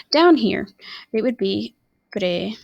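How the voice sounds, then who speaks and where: A woman's voice: on the high side, animated, takes it slowly, gravelly, breathy edge, dry recording. A woman teaching a recorded online lesson, rambling and often stopping to correct herself. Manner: self-correcting, apologetic, rambling. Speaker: Spanish teacher.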